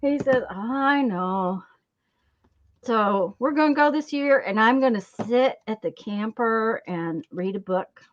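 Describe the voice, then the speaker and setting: A chatty woman with a slightly high voice hosts a relaxed crafting stream. She rambles through her stories with fillers and self-corrections. The sound is dull and a bit lo-fi. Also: unhurried, hardly any pauses. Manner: rambling storytelling with many fillers and restarts. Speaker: craft channel host. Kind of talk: casual live-stream chat while crafting.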